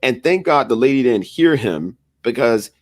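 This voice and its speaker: A man's voice: mid-range voice, normal speed, no room sound. A man co-hosting a podcast, telling a story in a casual chat and acting out the people he quotes. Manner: animated, acts out quoted voices. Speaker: podcast co-host.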